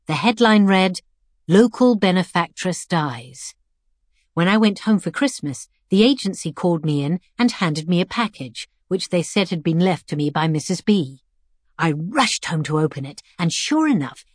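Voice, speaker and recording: Woman storyteller, reflective and measured; breathy, low voice on a dry recording. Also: a little mellow, no echo. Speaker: narrator. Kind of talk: scripted first-person story narration.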